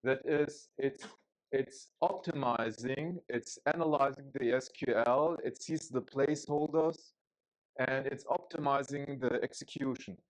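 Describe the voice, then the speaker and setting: Poor audio captures a German-accented man from Germany giving a technical conference talk in a chatty, joking style. He has a steady, mid-range voice at a measured pace and often uses fillers and restarts his sentences.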